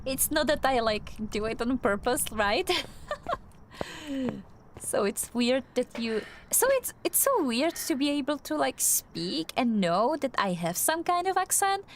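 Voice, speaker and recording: Soft-spoken woman with a non-native English accent. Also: high voice, sing-song, unhurried, slight background noise. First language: not English. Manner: hesitant, many fillers and restarts. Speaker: streamer. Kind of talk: casual gameplay commentary.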